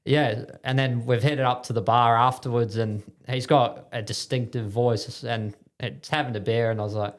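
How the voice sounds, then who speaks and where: A New Zealand speedway driver, guesting on a podcast in the studio, speaks with a medium-pitched, steady voice at normal speed and with few pauses. The casual interview finds him rambling and self-deprecating, using lots of fillers.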